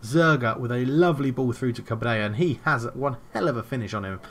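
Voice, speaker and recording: A man giving casual, excitable play-by-play commentary while playing a football management game, thinking aloud between plays. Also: medium pitch, quick pace. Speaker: video game player.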